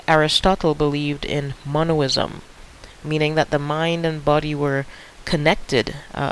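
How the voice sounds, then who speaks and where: A man's voice: a little high, rough recording. A male teacher recording a video lecture, talking casually with frequent fillers and restarts. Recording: faint hiss.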